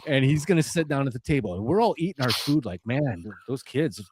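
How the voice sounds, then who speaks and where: Animated, laughing male podcast host. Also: medium pitch, fairly quick, husky, no echo. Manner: animated storyteller, laughs often, swears freely. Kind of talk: casual storytelling chat.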